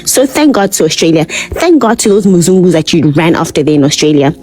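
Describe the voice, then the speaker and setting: A woman's voice: lowish voice, expressive, a little fast, a little mellow, rough recording. A woman delivering a scornful online rant, heavy with "like" fillers and insults.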